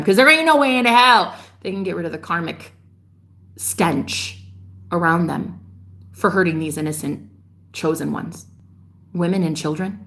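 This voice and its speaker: A woman delivering a fiery, preachy monologue straight to her viewers, swearing freely and scolding them, with sharp jumps in pitch on her outbursts. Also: unhurried, pauses often. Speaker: spiritual vlogger. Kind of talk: ranting monologue to camera.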